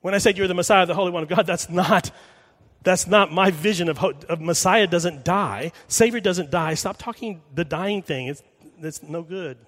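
A man's voice: high voice, moderate pace, a bit bright. A man voicing an impassioned young male disciple in a sermon, speaking urgently and insistently. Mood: protesting. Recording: long hall reverb.

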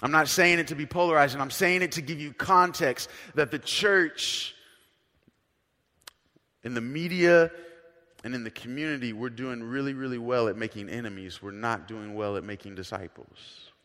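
A male pastor preaching a sermon as a story, conversational and earnest, swinging between soft, hushed lines and loud emphatic ones. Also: mid-range voice, moderate pace, long reverb tail.

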